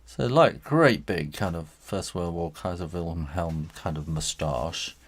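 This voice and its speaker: A man's voice: sits low, slow. A middle-aged man, an author and illustrator, talking through a live drawing lesson in a hesitant, rambling way with little chuckles. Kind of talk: live drawing tutorial, thinking aloud.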